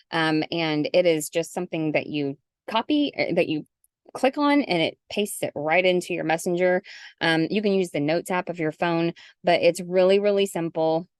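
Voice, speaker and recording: A middle-aged woman coaching salespeople on a video call, talking in a chatty, animated way and acting out sample messages. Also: on the low side, dry recording, clean studio sound. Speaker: guest coach. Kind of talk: casual zoom call. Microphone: video call mic.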